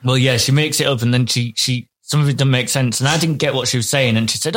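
A man's voice: mid-range voice, fast, fairly bright tone. An English man co-hosting a podcast, telling rambling anecdotes in casual chat and laughing along. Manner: rambling storyteller, laughs at his own tales. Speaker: podcast co-host.

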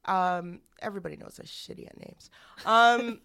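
A woman's voice: medium pitch, normal speed, creaky, sharp tone, clear, resonant tone. A woman co-hosting a podcast, telling a story in a rambling, candid way with many restarts. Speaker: podcast co-host. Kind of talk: casual podcast chat.

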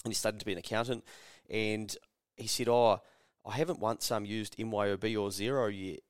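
A young podcast co-host with a lowish, clear and resonant voice tells stories briskly in a steady tone, swearing casually and acting out the people in them. The sound is clean studio audio with no room sound.

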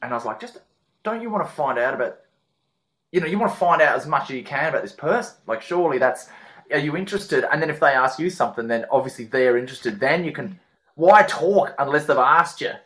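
A man's voice: fairly high pitch, animated, quick pace, fairly bright tone. A man from Australia, a comedian guest telling jokey, laid-back stories in casual chat.

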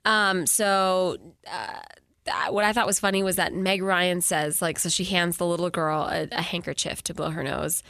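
A woman's voice: fairly low pitch, fairly even intonation, moderate pace, a bit bright, dry recording. A woman co-hosting a podcast, casually recapping a movie with lots of laughter and acted-out quotes. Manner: chatty, laughing, acts out quotes. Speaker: podcast co-host.

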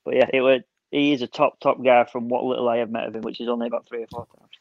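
The recording is dull and dry, with no echo, as a mid-range-voiced podcast co-host excitedly tells stories in a relaxed football conversation. He often breaks off and quickly restarts his sentences.

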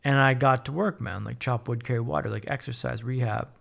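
A man's voice: mid-range voice, steady tone, a little fast, creaky, fairly bright tone. A man telling his own story as a podcast guest, blunt and upbeat, swearing freely. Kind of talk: casual candid storytelling.

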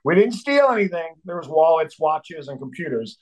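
Middle-aged drummer guest, foul-mouthed, slightly high voice, acts out quotes. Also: male voice, big pitch swings, normal speed, poor audio. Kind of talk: animated storytelling.

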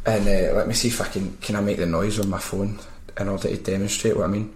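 A man with a Glaswegian accent who hosts a podcast, telling stories in casual, animated chat and swearing freely. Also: on the low side, quick pace, a little hiss or hum. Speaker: podcast host. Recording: roomy echo.

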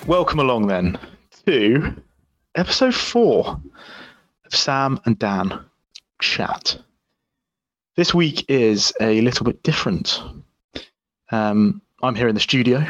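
Male podcast co-host, jokey and teasing, mid pitch, dry and slightly dull recording. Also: expressive, slow pace, pauses often, a bit bright, no room sound. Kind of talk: casual podcast chat. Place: studio.

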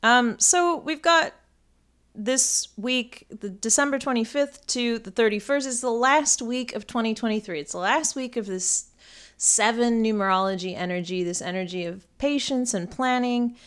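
A woman's voice: a little high, moderate pace, fairly bright tone, clear, resonant tone. A woman from northern England who speaks with an American accent, talking in a chatty, rambling podcast monologue full of ums. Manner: chatty, rambling, frequent ums and light laughs. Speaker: astrologer and podcast host. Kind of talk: casual solo podcast talk.

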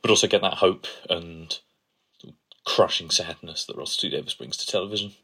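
Co-host, man, very low voice, playful and gushing. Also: brisk, bright, forceful tone, slightly rough. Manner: playful, enthusiastic, gushes over quotes. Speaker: podcast co-host. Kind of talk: casual chat.

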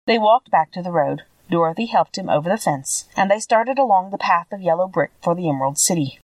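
A woman reads a children's story aloud in an expressive, measured way. Her voice rises and falls in a lively way. The sound is dry and a little distant from the mic. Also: fairly low pitch, dry recording. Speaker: podcast reader. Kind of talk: storybook narration.

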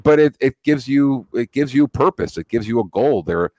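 A man's voice: mid-range voice, animated, normal speed, darkish tone, no echo. A man in his thirties hosting a podcast, talking in a profane, rambling way with many restarts. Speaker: podcast host. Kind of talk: casual political chat.

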